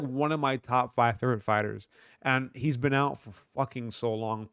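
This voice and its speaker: A man's voice: medium pitch, normal speed, fairly bright tone, smooth, no echo, clean studio sound. A man hosting a livestream, reading chat and talking back to it in a rambling, profane, slangy way. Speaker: livestream host.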